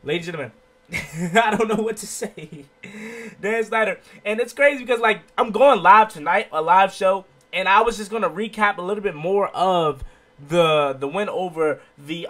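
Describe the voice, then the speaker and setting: Excitable high-voiced man rambling about sports. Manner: excitable, rambling, repeats 'okay?' often. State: a bit under the weather. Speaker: sports video host. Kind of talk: excited casual sports commentary.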